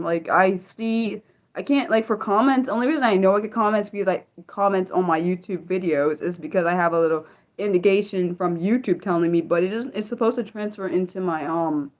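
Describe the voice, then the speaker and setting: A woman hosting an unscripted livestream, rambling casually with many fillers and restarts as she answers her chat. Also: mid-range voice. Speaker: livestream host.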